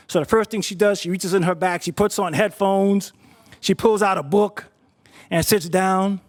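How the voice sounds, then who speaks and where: A man's voice: high voice, steady tone, moderate pace. A man telling a personal story to an audience, conversational and doubling back on his words. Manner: conversational, repeats words while thinking.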